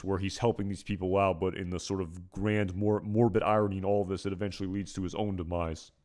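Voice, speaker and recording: A man with a somewhat low voice talks through episode commentary in a relaxed, meandering way. He hesitates often and fills pauses with lots of "uh"s. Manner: rambling, hesitant, full of fillers. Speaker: video commentator.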